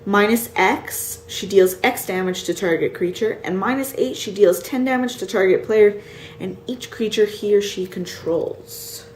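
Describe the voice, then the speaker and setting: Tired woman slowly reading card names. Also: medium pitch. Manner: reads card names slowly, unsure of pronunciations. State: tired, yawning. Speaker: card collector showing a set. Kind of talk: casual show-and-tell. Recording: echoey room with faint ambient noise.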